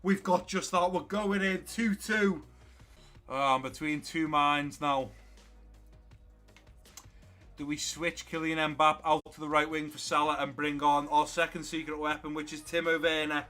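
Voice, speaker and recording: A man playing a football video game and commentating on it for his viewers, excitable and quick to shout at the play. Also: fairly high pitch, soft background music. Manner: talks to viewers as guys and lads. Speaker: gaming YouTuber.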